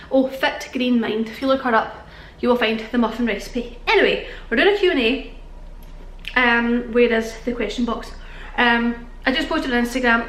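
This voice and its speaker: Young British woman vlogging, breathless and chatty, higher voice in a roomy space. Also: a bit bright. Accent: British English. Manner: chatty, rambling, laughing often. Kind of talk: casual chat to camera. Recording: echoey room.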